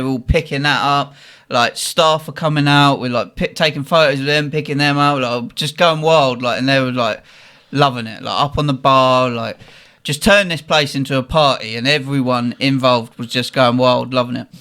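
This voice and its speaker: A man's voice: mid-range voice, fairly even intonation, moderate pace, few pauses, bright, forceful tone. A young man, a podcast host telling a story in a casual, slangy way and laughing often.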